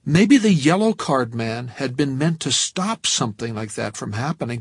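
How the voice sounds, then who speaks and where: A man reads a novel aloud in the first person, in a measured, tense way. His mid-pitched voice is gravelly and husky. The sound is dry and close, with no room around it. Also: lively intonation, dry recording. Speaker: audiobook narrator.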